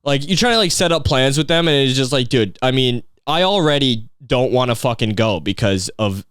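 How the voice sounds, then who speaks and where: A man's voice: mid-range voice, lively intonation, normal speed, a bit bright, clean tone, dry recording, studio quality. A young man hosting a podcast, rambling in a casual, profane comedic rant full of fillers and restarts. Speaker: podcast host.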